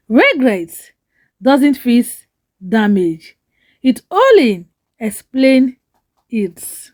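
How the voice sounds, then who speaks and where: A woman narrates a family drama slowly and solemnly, leaving heavy pauses. Her voice is high and lively in pitch, rising and falling widely across each phrase. The pace stays unhurried throughout. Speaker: storyteller.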